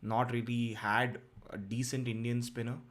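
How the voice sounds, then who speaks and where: A man in a relaxed cricket chat, mid-pitched and unhurried. He hedges often, circles back on his thoughts and fills gaps with "uh" and "I think". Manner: hesitant, many fillers and restarts. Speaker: cricket podcast co-host.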